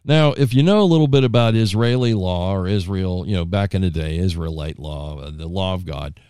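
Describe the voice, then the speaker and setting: In a low, darkish voice, a man gives informal Bible teaching at a brisk pace, recorded in clean studio quality with no room sound. He retells a scripture story in his own folksy words, rambling with frequent asides and restarts.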